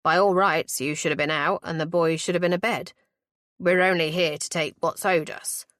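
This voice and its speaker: A woman's voice: lowish voice, fairly even intonation, moderate pace, a bit bright, no echo, studio quality, lightly acted. A woman voicing a well-spoken male intruder who talks in a clipped, sneering way, in an audiobook. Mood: curt.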